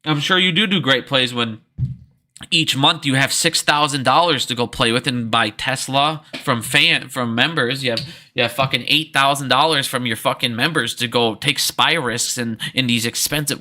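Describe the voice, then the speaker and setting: A man's voice: medium pitch, normal speed, pushed and bright. A young man hosting a stock trading channel, talking in a profane, rambling, heated casual monologue to his viewers.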